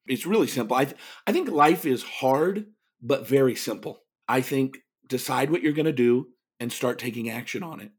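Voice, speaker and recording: A man's voice: mid-range voice, animated, moderate pace, slightly rough. A middle-aged man, an author and speaker, telling stories in an earnest tone with frequent chuckles during a podcast interview. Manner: earnest, chuckles often mid-sentence.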